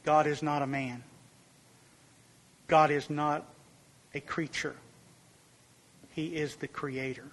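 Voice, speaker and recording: High-voiced man preaching a sermon. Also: level tone, slow, long pauses, a bit bright. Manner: earnest, emphatic, rises in pitch and volume for illustrations.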